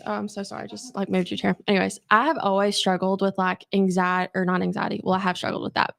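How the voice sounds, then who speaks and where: A woman's voice: medium pitch, creaky, fairly bright tone, no room sound, clean studio sound. A woman guest at a church Bible study, reading scripture and then sharing in a rambling way, full of "like.". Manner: rambling, heavy use of "like". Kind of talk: casual personal sharing.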